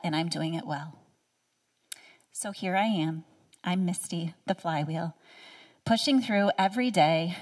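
A woman in her thirties giving a prepared personal speech as a featured speaker at a live event, earnest and heartfelt, sometimes dropping to a soft near-whisper. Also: medium pitch, far from the mic. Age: 30s. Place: event stage.

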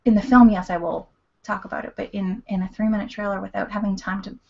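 A woman's voice: medium pitch, steady tone, fast talker, gravelly, darkish tone, highs cut off. A woman with a Canadian accent, a documentary filmmaker chatting as a guest, explaining things earnestly and dropping into whispers now and then. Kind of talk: casual chat.

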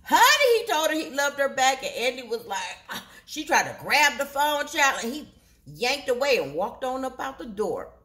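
Woman, fairly high voice, casual episode recap host, animated storyteller, acts out character lines. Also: normal speed.

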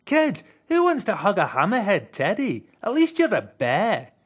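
A reader voicing a grumpy old male hammerhead shark toy in a picture book, gruff and wry with a teasing edge. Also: medium pitch, huge pitch swings, measured pace, voice pushed up, exaggerated voice. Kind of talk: storybook read-aloud.

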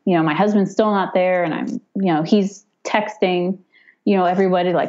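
A woman in her thirties tells a personal story in a relaxed, chatty way. Her voice sits a little low, and she often breaks into lively quoted voices. The audio sounds dull and lo-fi. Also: moderate pace. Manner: animated, acts out quoted voices with raised pitch, frequent fillers and laughs. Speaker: podcast guest telling her birth story. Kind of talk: casual storytelling.

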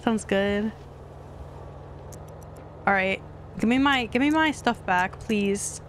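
A young woman streaming a life-sim game, chatting casually to her viewers and getting excitable. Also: medium pitch, slow, a little hiss or hum. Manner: chatty, excitable, talks to chat. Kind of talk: casual gameplay commentary.

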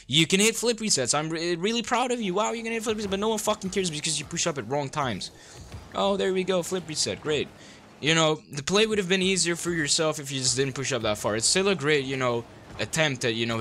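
A man's voice: mid-range voice, sharp tone, slight background noise. Blunt, profane man coaching over a replay. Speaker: game coach reviewing a replay.

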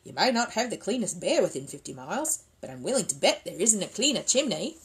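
A woman's voice: medium pitch, sing-song, fairly quick, breathy edge, pitched above the performer's own voice, heavily acted. A woman voicing a cheerful, chatty tradesman with a hearty, folksy manner. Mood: puzzled. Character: cheerful working man, a sweep, confident and chatty.

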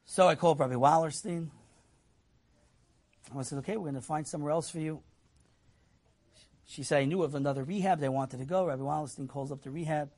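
A man's voice: fairly high pitch, a little fast, pauses often. A man telling an inspirational story to an audience, animatedly acting out the people he quotes. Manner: animated, acts out quoted voices, laughs. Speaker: storyteller speaker.

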